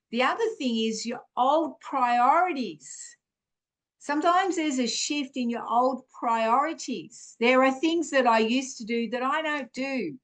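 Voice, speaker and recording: A woman's voice: fairly high pitch, a bit bright. A woman hosting a podcast, giving an earnest, encouraging spiritual teaching talk, full of fillers and restarts. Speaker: podcast host.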